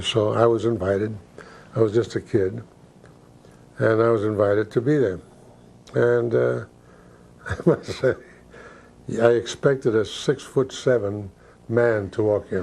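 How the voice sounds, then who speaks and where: A man's voice: lowish voice, slow, vocal fry, pauses often, faint music behind. Older man, chatty and self-deprecating. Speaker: interviewee. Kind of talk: reminiscing interview.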